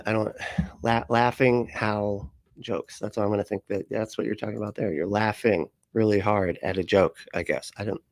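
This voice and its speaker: A man's voice: on the low side, a little mellow, dry recording, clean studio sound. A man hosting a live stream, reading chat aloud in a casual, rambling way, often laughing, swearing and sounding puzzled.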